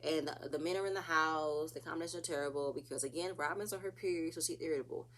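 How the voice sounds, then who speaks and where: A woman's voice: sits low, quick pace, a bit bright. A woman casually recapping a reality TV episode, chatty and opinionated, acting out what the cast said.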